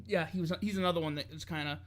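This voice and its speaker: A man chatting casually on a wrestling podcast, laughing often and telling things in an animated way. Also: on the high side, racing. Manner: lively, laughing, animated storytelling.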